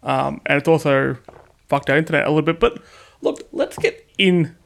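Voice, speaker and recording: A man's voice: on the high side, fairly quick, gravelly. A young man co-hosting a podcast in casual chat, teasing and joking with his co-host.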